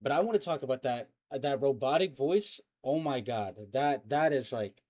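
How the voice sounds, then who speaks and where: A young man reacts to a horror series in casual, rambling commentary. He trails off, restarts and throws in slang as he thinks aloud in a mid-pitched everyday voice. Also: animated, normal speed, darkish tone. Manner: rambling, hesitant, lots of fillers and slang. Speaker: reaction video host.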